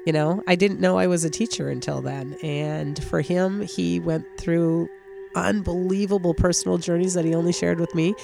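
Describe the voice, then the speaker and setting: A woman, an energy healer being interviewed, tells a personal story in a heartfelt, halting way, close to tears and full of fillers. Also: on the low side, fairly even intonation, gravelly, music in the background.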